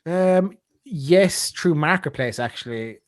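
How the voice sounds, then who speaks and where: A man's voice: on the high side, expressive, slow pace, no room sound. Blunt, jokey Irish man podcaster. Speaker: podcast co-host. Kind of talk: casual chat. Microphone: podcast mic.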